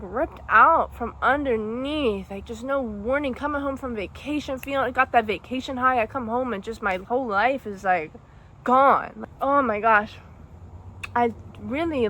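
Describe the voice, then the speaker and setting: A woman's voice: a little high, fairly bright tone, a little hiss or hum. A young woman telling a personal breakup story in a casual, rambling, emotional way, full of "like" and "dude". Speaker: vlogger.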